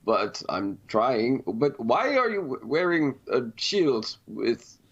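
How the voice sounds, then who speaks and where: Slow, gravelly man on a dull mic. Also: medium pitch, big pitch swings. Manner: slow, puzzled, hesitant. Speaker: player. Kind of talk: casual in-character banter.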